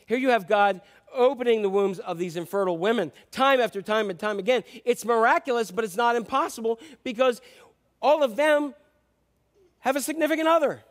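Man, pastor, high voice, chatty sermon, asides and restarts, middle-aged. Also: a little fast. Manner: conversational preaching with asides and restarts.

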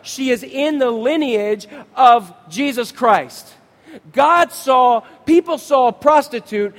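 A middle-aged man, a pastor, preaching a sermon and asking the congregation questions in an animated way. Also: very high-pitched, long reverb tail.

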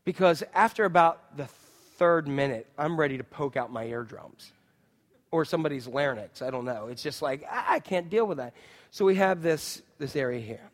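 A man preaching a sermon as pastor, animated, acting out quotes and putting questions to his listeners. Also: fairly high pitch, normal speed, long reverb tail. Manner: animated, acts out quotes and asks the congregation questions.

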